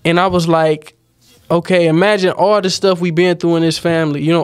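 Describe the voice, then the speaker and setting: A man hosting a podcast, talking in a reflective, steady way and often adding "you know what I'm saying". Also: on the high side, a little fast, clear, resonant tone, dry recording. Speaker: podcast host. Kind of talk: casual chat.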